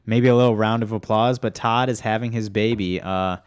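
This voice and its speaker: A man's voice: fairly low pitch, steady tone, a little fast, clear, resonant tone, dry recording, clean studio sound. A man co-hosting a podcast, chatting casually and telling loose, joking stories with swearing. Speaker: podcast co-host. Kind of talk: casual chat.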